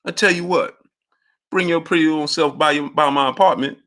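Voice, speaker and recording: A man's voice: a little high, brisk, bright, forceful tone. A man doing an impression of a menacing, brash male boxer taunting his rival in a raised, swaggering voice.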